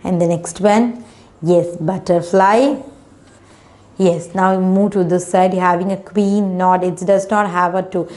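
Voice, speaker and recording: Brief: woman teacher, children's phonics lesson, patient, sounds out words slowly, non-native English phrasing. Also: on the low side, fairly even intonation, a little mellow.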